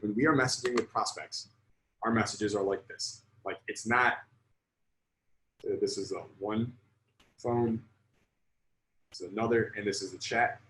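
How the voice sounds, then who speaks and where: A man's voice: fairly low pitch, steady tone, measured pace, pauses often, sharp tone, reverberant, poor audio. A man coaching on sales in a live online lesson, blunt and emphatic, swearing freely.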